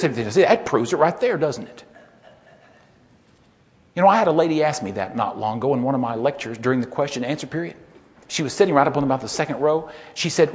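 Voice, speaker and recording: A man giving a sermon-style Bible lecture, telling stories emphatically and building to loud peaks. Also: mid-range voice, animated, quick pace. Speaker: lecturer, preacher. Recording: long hall reverb.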